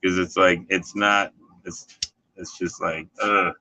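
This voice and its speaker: A man with a very deep voice that still cuts through with a sharp, forceful brightness. He chats casually, rambling with constant "you know" and "like" and plenty of swearing. He sounds like an everyday worker talking things over. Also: little pitch movement, takes it slowly, low-quality recording. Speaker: dishwasher. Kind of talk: casual chat.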